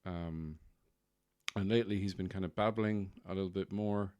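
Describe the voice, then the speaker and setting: A man's voice: deep voice, steady tone, moderate pace, darkish tone, no room sound. A man hosting a podcast, rambling wryly and poking fun at himself in a casual monologue. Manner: wry, self-deprecating, rambling. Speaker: podcast host.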